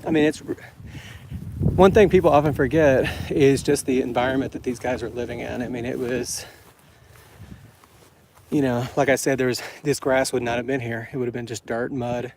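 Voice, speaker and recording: A man's voice: mid-range voice, steady tone, moderate pace, darkish tone. A man from Florida giving a chatty walking tour outdoors in the cold, out of breath from climbing a hill, with many fillers and restarts. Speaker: travel vlogger and guide. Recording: noisy outdoor camera audio.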